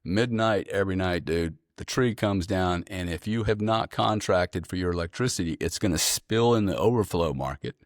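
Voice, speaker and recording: A man guest on an interview podcast, telling stories in a blunt, profane, animated way. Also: sits low, moderate pace, hardly any pauses, no echo, studio quality. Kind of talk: casual storytelling interview.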